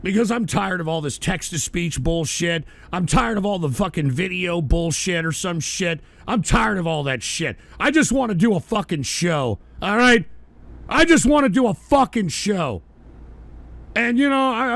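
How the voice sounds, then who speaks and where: Give me a livestream host in a bitter, profane rant, his gravelly, lively voice lurching from shouts to weary mumbles. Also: normal speed. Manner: bitter, profane, swinging between shouting and low muttering. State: drinking, weary.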